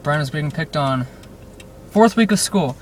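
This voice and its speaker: A young vlogger rambles casually while driving through traffic, restless and full of fillers, restarts and self-interruptions. His voice is on the high side with lively intonation and a moderate pace. The car-cabin audio sounds distant, with road and car noise behind him.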